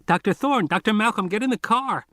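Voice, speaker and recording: Man doing a frantic boy over the radio, high, urgent, insistent, audiobook reading. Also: a little fast, fairly bright tone, dry recording, clean studio sound.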